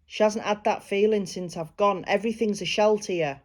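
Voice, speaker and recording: A woman giving a private psychic reading, steady and mid-pitched. She talks gently and reassuringly, passing on what she says the spirits tell her. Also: brisk. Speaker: psychic medium.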